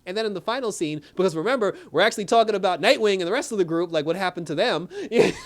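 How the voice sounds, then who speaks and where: A man's voice: sits high, expressive, very fast. A man casually recapping a TV episode as a reviewer, rambling loosely and laughing often as he retells scenes. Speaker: TV show reviewer.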